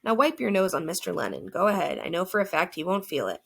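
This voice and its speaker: A woman's voice: lowish voice, big pitch swings, quick pace, gravelly, a bit bright, breathy edge, heavily acted. A woman voicing a sarcastic teenage boy's ghost in an audiobook, teasing and wisecracking. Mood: mocking. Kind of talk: audiobook character voice.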